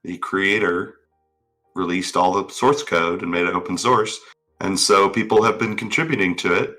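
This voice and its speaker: Over faint music, a low-voiced man co-hosts a casual online talk show at a moderate pace. He's relaxed and rambles loosely, leaning on filler words.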